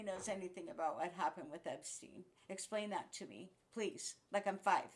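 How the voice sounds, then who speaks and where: A woman's voice: medium pitch, animated, normal speed, hardly any pauses. Sixty-year-old woman ranting, swearing, laughing. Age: 60s. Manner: swears freely, laughs between outbursts. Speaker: vlogger. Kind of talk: angry casual rant to camera. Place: home.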